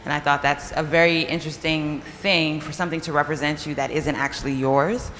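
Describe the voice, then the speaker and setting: A woman's voice: sits low, fairly even intonation, a little fast, fairly bright tone. A woman speaking as a founder on a panel in a large hall, thoughtful and reflective, with many fillers. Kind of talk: panel introduction. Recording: long hall reverb, faint noise.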